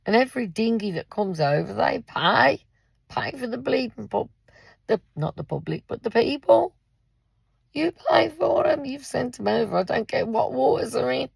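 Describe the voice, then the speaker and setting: A woman in her fifties with a heavily gravelly, husky voice rants bluntly and swears freely. She talks slowly, her pitch swinging widely between low and high. She sounds close and dry, with no room echo. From England. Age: 50s. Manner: blunt, swears freely, addresses listeners directly. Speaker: parent and carer. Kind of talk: angry vlog rant. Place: in a car in a car park.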